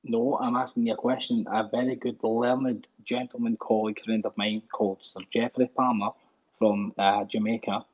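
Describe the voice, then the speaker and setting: Husky Glaswegian man on a dull call line. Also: medium pitch, level tone, normal speed. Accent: Scottish (Glasgow). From Glasgow, Scotland. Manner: persistent, insists on finishing his point. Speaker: caller.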